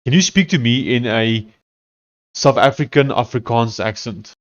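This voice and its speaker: A man talks his way through a coding session in an easygoing voice, thinking out loud as he clicks through and tests things. His pitch sits in a middle range. The sound is a little dull and lo-fi. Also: normal speed. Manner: thinking aloud while testing, easygoing. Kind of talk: casual live-coding chat.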